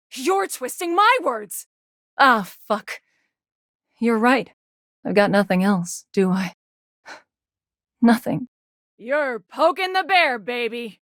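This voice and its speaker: An actress voices a female video game character who is brash, flirty and self-centered, teasing and sarcastic until she turns insecure. Her voice is on the high side. It's recorded on a studio microphone with studio quality and no room sound.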